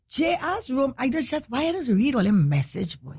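A woman with a Trinidadian accent chats playfully with her live audience in dialect, her voice sitting on the high side. Faint music plays underneath. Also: wildly swooping pitch, moderate pace, darkish tone. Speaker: live stream host. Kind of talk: casual live chat with viewers.

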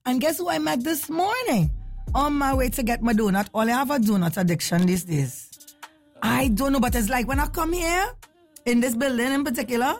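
A young woman, hosting a casual morning radio show, lively and chatty. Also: sits high, a little fast, soft background music. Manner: lively, chatty, laughs often.

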